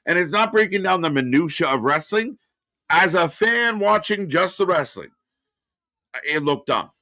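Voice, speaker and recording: A man's voice: high-pitched, animated, moderate pace, pushed and bright, no room sound, clean studio sound. A man co-hosting a live wrestling watch-party stream, giving blunt, opinionated takes and swearing freely. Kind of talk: casual live-stream chat.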